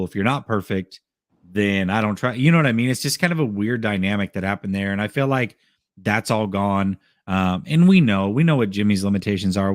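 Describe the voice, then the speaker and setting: A man's voice: on the low side, no echo, clean studio sound. A man hosting a casual sports call-in show, taking callers and chatting in a laid-back, friendly way.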